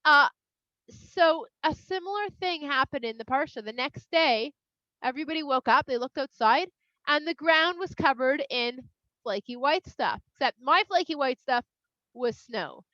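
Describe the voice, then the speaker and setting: A woman tells a children's story in a high, bright voice with lively, playful delivery. The recording is dry and a little muffled. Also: moderate pace, dry recording. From Toronto, Canada. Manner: animated, expressive, playful asides. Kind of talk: storytelling for kids. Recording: slightly dull, dry sound.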